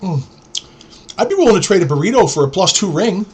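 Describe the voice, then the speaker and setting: A man's voice: sits high, very animated, a little fast, slightly rough, voice pushed up, full character voice. A man voicing a manipulative, fake-friendly teenage boy gamer in a raised voice. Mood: wheedling.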